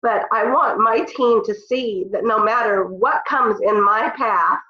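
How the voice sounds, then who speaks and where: Her fairly high voice moves unhurriedly as she motivates her team on a call, earnest and emotional while congested from a cold. The call audio, via phone or computer, is lo-fi, roomy and dull.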